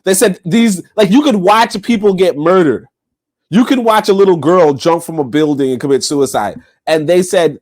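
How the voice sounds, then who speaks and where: Male podcast co-host, lively high voice, rambling profane banter. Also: normal speed. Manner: animated, rambling, profane, laughs loudly. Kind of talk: casual podcast chat.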